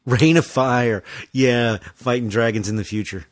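A man, a lighting technician, talking as a podcast guest. He is relaxed and hesitant and trails off into fillers. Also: medium pitch, measured pace, dry recording. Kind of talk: casual interview chat.

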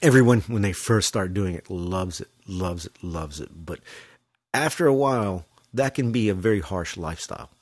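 This is a man with a lowish voice, a film lighting technician chatting on a podcast. He is relaxed and a little halting, with plenty of fillers. The sound is dry and close. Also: no echo. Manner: relaxed, hesitant, trails off with fillers. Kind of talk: casual interview chat.

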